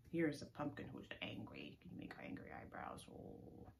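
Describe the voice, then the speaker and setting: A woman librarian leading a preschool story time, reading aloud slowly in a sing-song way and often dropping to a soft whisper. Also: low-pitched, animated, slight background noise. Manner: leads rhymes and chants with children. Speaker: children's librarian. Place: public library.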